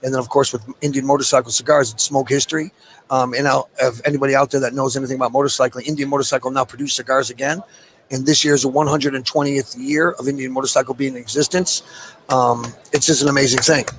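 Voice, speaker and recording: A man's voice: medium pitch, steady tone, fast talker, a bit bright, low-quality recording. A middle-aged man talking earnestly and in a rambling way about his work in a casual interview. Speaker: cigar maker. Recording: faint background noise.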